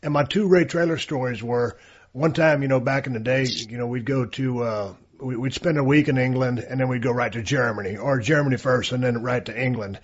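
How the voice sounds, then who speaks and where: Husky man, laid-back storytelling. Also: mid-range voice, fairly quick. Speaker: podcast co-host. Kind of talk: casual storytelling. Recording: dull lo-fi sound.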